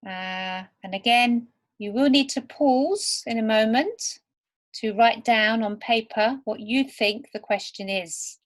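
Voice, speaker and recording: A woman teaching English to beginners over slides, speaking slowly and deliberately word by word. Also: a little high. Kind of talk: slow, clear lesson for beginner learners.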